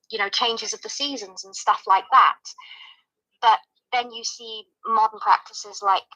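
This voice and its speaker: Bright, earnest woman explaining at length. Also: a little high, no room sound, low-quality recording. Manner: earnest, explanatory, builds points with repetition. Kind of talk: casual discussion.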